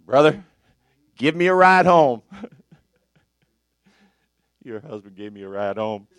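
An older man preaching a sermon, animated and exclaiming with laughter and praise. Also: medium pitch, slow pace, clean tone, no room sound.

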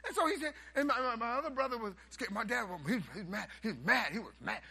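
A man preaching a sermon, telling a story and swinging from hushed asides to loud, animated bursts. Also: extremely high pitch, fast, creaky, few pauses, breathy edge.

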